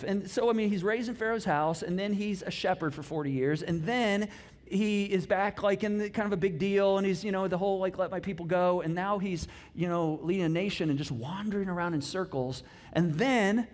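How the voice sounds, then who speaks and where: A man with a fairly high voice delivers a sermon as pastor in a church auditorium. He tells the story in a loose, conversational way, full of playful asides, and acts out what the characters say. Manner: casual storytelling with playful asides and acted-out dialogue.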